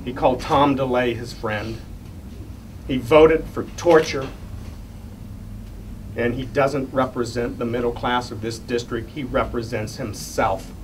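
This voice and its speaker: A man's voice: mid-range voice, fairly even intonation, unhurried, long pauses. Earnest middle-aged man giving a stump speech. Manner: earnest, emotional storytelling, chuckles at himself. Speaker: congressional candidate. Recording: distant mic, faint room noise.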